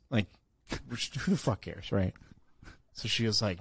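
This man, a former radio DJ now co-hosting a podcast, chats casually through a lengthy anecdote with plenty of fillers and a bit of cursing. His voice is on the low side, his pace moderate with long pauses, and there is no echo.

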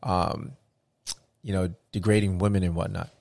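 A man's voice: sits low, fairly even intonation, moderate pace, vocal fry, darkish tone, no echo. A man from the United States talking animatedly in a casual conversation, often restarting his sentences and acting out what others said.

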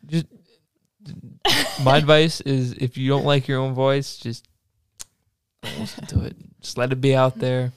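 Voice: medium pitch, level tone, a little slow, clear, resonant tone, dry recording, studio quality. A podcast host asking guests questions in an easygoing, casual way. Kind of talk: casual interview chat.

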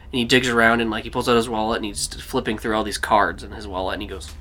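A young man running a tabletop game as game master, relaxed with lots of fillers and restarts. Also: fairly low pitch, fast talker, slight background noise.

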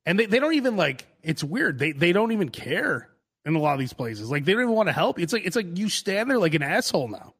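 A man, co-hosting a casual comedic chat show, telling an animated story full of acted-out quotes and frequent laughter. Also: high-pitched, fast talker, slightly rough. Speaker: podcast host.

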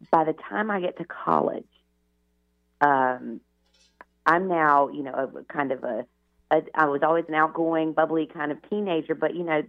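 A middle-aged woman, a radio interview guest, telling her life story in a chatty way, full of "you know" asides. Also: low voice. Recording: tinny phone line on radio.

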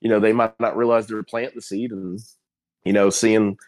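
Low-voiced man chatting on a remote call. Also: level tone, moderate pace, darkish tone. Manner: rambling, many restarts and "you know". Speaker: guest firefighter captain. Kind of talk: casual podcast chat.

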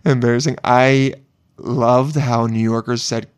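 A young man hosting a podcast, relaxed and teasing as he chats. He swears freely, and his voice sits at an ordinary mid pitch. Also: a little slow, clear, resonant tone. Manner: laid-back, teasing, swears often. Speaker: podcast host. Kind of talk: casual chat.

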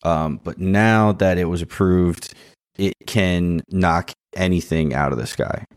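A man's voice: low voice, unhurried, dry recording, studio quality. A man co-hosting a podcast, casually recapping a TV episode and acting out the scenes. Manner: animated recapping, acts out scenes. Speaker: podcast co-host. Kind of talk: casual chat.

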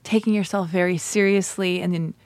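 A woman's voice: on the low side, steady tone, brisk, darkish tone, no room sound. Gushing woman podcast host, dry sound. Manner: gushing, swears casually. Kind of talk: casual podcast chat.

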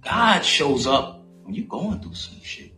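A man's voice: medium pitch, very animated, slow, sharp tone, reverberant, faint music behind. A man giving a casual, profane sermon in street slang, reading scripture aloud and calling for responses. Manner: slangy, preachy, call-and-response. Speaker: street preacher.

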